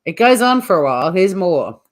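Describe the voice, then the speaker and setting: Speaking fairly quickly with big swings in pitch, this Australian woman has a fairly low voice. She's hosting a livestream, offering blunt, chatty live commentary and laughing as she goes.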